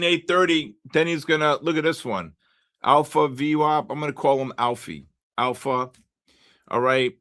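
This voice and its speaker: An older man with a mid-range voice hosts a live trading stream, chatting casually with viewers. He greets people by name and bursts into loud exclamations.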